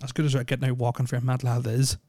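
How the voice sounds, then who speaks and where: Rambling podcast guy, flat delivery. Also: mid-range voice, very fast, dry recording. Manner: rambling, filler-heavy, joking. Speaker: podcast host. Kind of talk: casual solo podcast chat.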